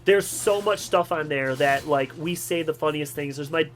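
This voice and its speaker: A man's voice: fairly high pitch, normal speed, a little hiss or hum, poor audio. A young man hosting a gaming channel, telling rambling personal stories over his gameplay with frequent laughs. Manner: rambling and chatty, laughs often. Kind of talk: game commentary with personal stories.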